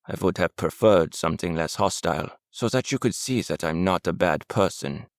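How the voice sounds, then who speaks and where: A man doing a gravelly German captor. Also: lively intonation, no room sound, studio quality. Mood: cold, menacing. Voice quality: deep, gravelly. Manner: quiet, cold, measured threats. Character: calm menacing German male captor.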